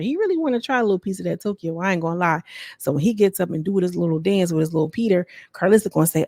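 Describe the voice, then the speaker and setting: A woman's voice: on the low side, racing, warm tone, no echo. A woman hosting a podcast, recapping gossip in a sassy, chatty way, talking straight to her viewers. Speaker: podcast host.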